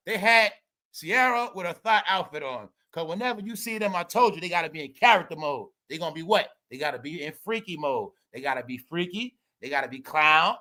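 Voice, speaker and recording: A man hosting a casual celebrity gossip rant, swearing, laughing often and talking straight to his viewers. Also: high-pitched. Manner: loud, laughing, swearing, addresses viewers as y'all. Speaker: commentary host.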